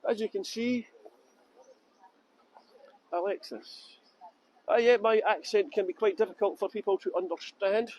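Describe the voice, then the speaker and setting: A man with a high voice leads a live walking tour through the streets. He talks into a handheld phone, laughs often and chats with viewers as he goes. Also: measured pace, long pauses, a little mellow, low-quality recording. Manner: chatty, jokey, laughs often, answers viewer comments. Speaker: tour guide. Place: outdoors on city streets.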